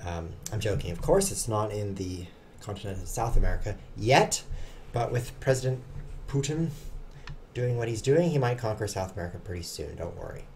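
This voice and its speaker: A man's voice: lowish voice, lively intonation, normal speed, a little mellow, a little hiss or hum. A young man streaming online chess, chatting casually and joking at his own expense while he plays. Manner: chatty, self-mocking, jokes with chat. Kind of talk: casual live commentary while playing.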